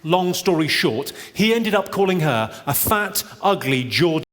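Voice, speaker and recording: A man doing stand-up comedy with deadpan, quick one-liners in a large theatre. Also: on the high side. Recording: live theatre with long reverb and loud noise.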